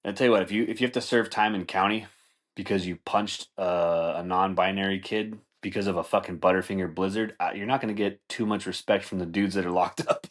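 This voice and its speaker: A man's voice: low-pitched, fairly even intonation, fairly quick. A man hosting a podcast, telling fight stories in a casual, profane, rambling way with frequent laughter. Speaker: podcast host. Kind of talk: casual comedic commentary.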